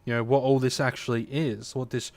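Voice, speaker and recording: Using a desk mic in his home streaming setup, a man streams a game and chats casually with viewers. His mid-range voice is level and darkish and fairly quick, and his talk rambles with many fillers and plenty of swearing.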